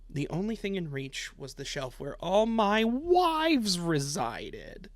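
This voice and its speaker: A man plays through a visual novel on stream, reading the lines in his own voice and cutting in with snarky, cursing jabs. His voice sits a bit high for a man. The sound is close and dry with no room to it. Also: huge pitch swings, takes it slowly, hardly any pauses, dry recording. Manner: sarcastic, profane running commentary; frequent laughing asides. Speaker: let's play streamer.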